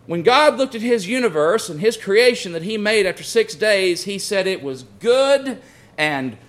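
A man's voice: high voice, lively intonation, normal speed, a bit bright. A man preaching a sermon in a folksy, storytelling way, calling his listeners friends and pressing his points with rising and falling force. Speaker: pastor.

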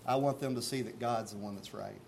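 A man's voice: lowish voice, a little fast, creaky, darkish tone, slight background noise. Earnest man preaching a sermon. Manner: earnest, conversational preaching with rhetorical questions. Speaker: pastor.

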